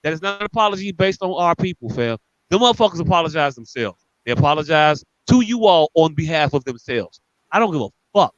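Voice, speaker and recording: A man's voice: on the high side, big pitch swings, fairly quick, dry recording, dull audio. A man co-hosting a podcast, ranting angrily and profanely with lots of repetition. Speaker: podcast co-host. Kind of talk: heated podcast rant.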